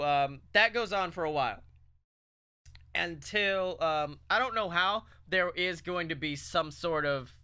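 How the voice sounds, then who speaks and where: Bright, high-voiced rambling comedy host. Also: male voice, clear, resonant tone. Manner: rambling, excitable, swearing, full of ums and laughs. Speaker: podcast co-host. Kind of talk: casual comedy chat, pitching a made-up movie plot.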